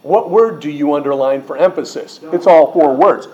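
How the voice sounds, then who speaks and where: A middle-aged man, a pastor teacher, preaching a sermon in an emphatic way, slowing and rising on quoted words. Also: on the high side, a little mellow, muffled recording.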